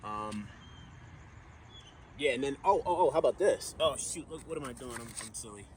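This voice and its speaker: A man's voice: mid-range voice, expressive, normal speed, slight background noise. A man casually narrating a garden vlog outdoors, chatty and counting plants aloud as he goes. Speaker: vlogger gardener.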